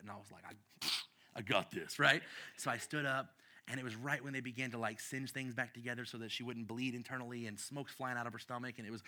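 Bright-voiced, impassioned man preaching. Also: mid-range voice. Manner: impassioned, swings from shouting to hushed, many restarts. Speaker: pastor. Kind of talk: sermon with personal storytelling.

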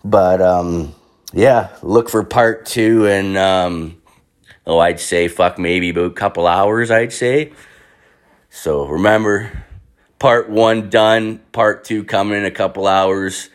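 Low-voiced rambling young man, lots of cursing. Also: fairly even intonation, slow pace. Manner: rambling, heavy swearing and filler "like". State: hungover. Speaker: vlogger telling a story. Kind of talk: casual profane storytelling.

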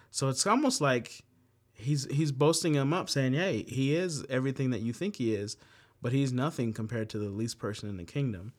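A man leading a casual Bible study, with a voice of ordinary middle pitch. He reads scripture aloud and then explains it in plain talk. Joking asides break up the readings. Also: expressive, normal speed.

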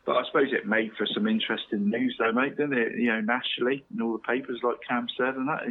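A man's voice: medium pitch, steady tone, fast, husky. Matey man on a tinny phone line. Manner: matey, laughing, says "mate" constantly. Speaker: radio show co-host. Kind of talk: casual chat.

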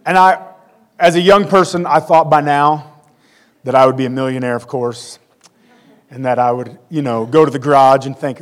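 A man's voice: medium pitch, steady tone, moderate pace. A man in his forties preaching a conversational sermon with self-deprecating humor. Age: 40s. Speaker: pastor.

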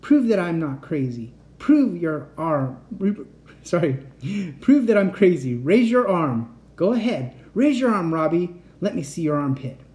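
A man reading a children's storybook aloud and voicing a bold, pushy young girl who talks in an insistent, accusing way, her voice pitched up from his own. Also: very animated, measured pace, a little mellow. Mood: demanding.

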